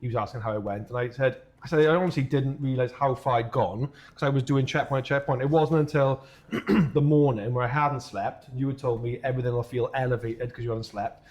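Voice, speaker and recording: A man's voice: medium pitch, steady tone, a little fast, a little mellow. A man with a Welsh accent, co-hosting a podcast, telling a running story with lots of swearing and laughter. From Wales. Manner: swears a lot, laughs while telling stories. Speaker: podcast co-host. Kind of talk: casual chat.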